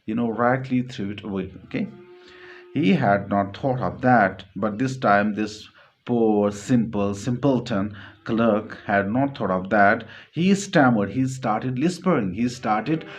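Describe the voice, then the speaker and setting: A male literature teacher explaining a short story in a classroom lecture, repeating himself, glossing word meanings and filling pauses. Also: fairly low pitch. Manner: repetitive, glossing words, many fillers.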